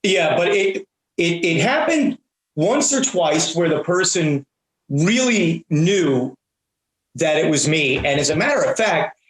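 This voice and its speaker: Speaking slowly but excitably, this high-voiced guest, a voice actor and prank-call comedian, shares lively stories, frequently repeating and restarting words. There is a roomy echo on the recording.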